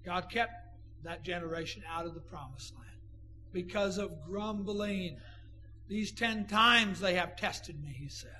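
A man preaching a sermon, impassioned, swinging between shouting and low murmuring. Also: a little slow, soft background music. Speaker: pastor.

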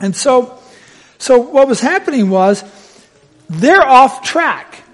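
A man preaching a sermon, telling the story with lively, acted-out voices. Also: very high-pitched, slow.

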